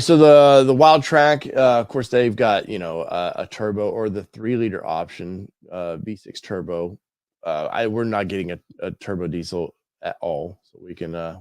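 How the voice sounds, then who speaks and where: A man's voice: lowish voice, no room sound, studio quality. A man hosting an automotive channel, talking casually and thinking aloud while he browses a website, with many fillers and restarts.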